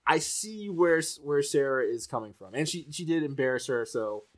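A man hosting a podcast in casual chat, halting with fillers and laughing often. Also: mid-range voice, expressive. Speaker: podcast host.

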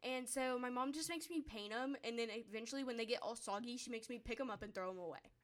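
A woman's voice: on the high side, quick pace. Giggly Southern teenage girl chatting. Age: teen. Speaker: group member leading the chat. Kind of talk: casual group chat.

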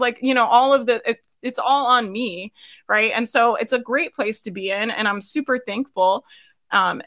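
A woman in her thirties coaching a live online group, chatty and quick to laugh, tired and losing her voice. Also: fairly high pitch, pushed and bright. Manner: chatty, laughs often, many fillers. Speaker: business coach hosting a live session. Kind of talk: casual live-stream coaching.

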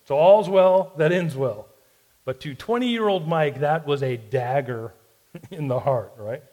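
A man's voice: a little high, a little slow, warm tone, poor audio. A man in his forties telling a self-deprecating personal story in a sermon-style podcast, with a Southern US accent. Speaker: pastor.

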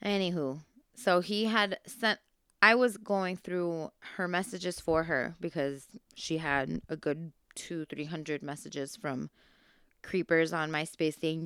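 A woman's voice: deep voice, steady tone, takes it slowly, a bit bright, clear, resonant tone, no echo. A woman in her thirties co-hosting a casual chat with her husband, laughing and correcting his version of a story. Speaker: podcast co-host.

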